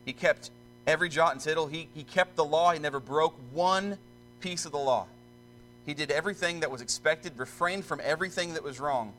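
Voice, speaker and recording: A man's voice: on the high side, brisk, fairly bright tone, slight background noise, rough recording. A male pastor reading scripture solemnly and then preaching earnestly to a church congregation, repeating himself as he presses a point.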